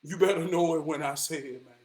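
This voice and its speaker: A man giving motivational straight talk in slang, emphatic and preachy, repeating lines and swinging from shouts to hushed tones. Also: on the high side, fairly even intonation, a little fast. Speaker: motivational vlogger.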